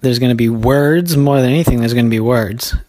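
A man's voice: mid-range voice, a little fast, mellow, dry recording. Breathless man rambling into a phone. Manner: rambling, self-deprecating, many restarts. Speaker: podcast host. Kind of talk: improvised solo podcast talk. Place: living room.

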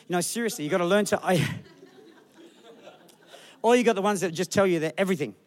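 A man's voice: high voice, rapid-fire, long pauses. A middle-aged man preaching a sermon as a pastor, telling jokey stories and putting on voices for the people he quotes. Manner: jokey, animated storytelling with put-on quoted voices.

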